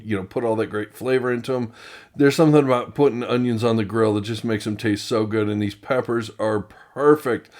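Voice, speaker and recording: A man's voice: mid-range voice, darkish tone, roomy sound. A man hosting a casual cooking demonstration, chatty, with self-deprecating asides. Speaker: cooking show host. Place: outdoor grill and home kitchen.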